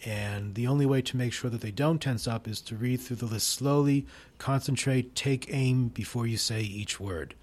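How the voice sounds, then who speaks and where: A man teaching English pronunciation, explaining slowly and demonstrating each sound deliberately. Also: mid-range voice. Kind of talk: instructional explanation.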